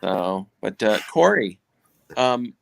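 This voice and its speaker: A man's voice: fairly low pitch, animated, takes it slowly, gravelly, slight background noise. A man chatting on a podcast, teasing and rambling through jokes. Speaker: podcast guest. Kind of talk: casual chat.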